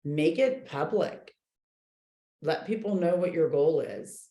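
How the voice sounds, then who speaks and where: A woman coaching a book club group, talking in an animated, chatty way with many fillers. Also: deep voice, takes it slowly, reverberant. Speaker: real estate coach leading a book club. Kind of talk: casual group talk, reading and commenting.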